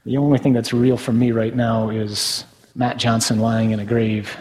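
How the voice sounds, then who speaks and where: A man's voice: medium pitch, level tone, normal speed, darkish tone, long reverb tail, poor audio. A man, a Catholic priest, preaching a sermon in a conversational way with tag questions.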